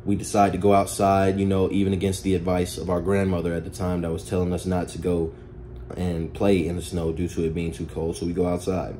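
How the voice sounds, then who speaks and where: A man narrating a story-time vlog in a casual, animated way, often calling out to his viewers. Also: deep voice, fairly quick, slight background noise. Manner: animated, addresses viewers as guys and y'all. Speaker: storytime vlogger.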